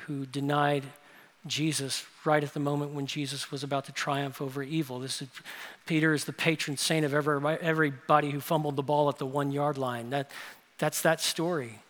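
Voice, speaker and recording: A man preaching a sermon with a bright, forceful tone and a fairly high voice. His delivery is emphatic, rising into strong intensity. The sound rings with long reverb from a large hall. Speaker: pastor.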